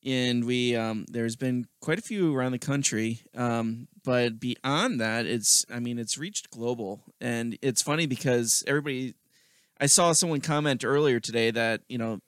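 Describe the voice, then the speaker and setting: A man's voice: mid-range voice, moderate pace, no echo, studio quality. A man co-hosting a podcast in casual chat, giving blunt, opinionated takes. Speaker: podcast co-host.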